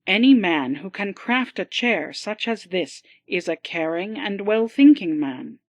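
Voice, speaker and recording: A woman voicing a calm male Swedish sea captain in an audiobook, speaking in a smooth, rolling Swedish accent. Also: mid-range voice, unhurried, dry recording. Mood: calm, measured.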